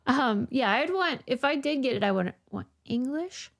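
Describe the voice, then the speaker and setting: Chatty high-voiced woman podcaster. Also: expressive, creaky. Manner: chatty, quick to laugh. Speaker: podcast co-host. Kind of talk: casual chat.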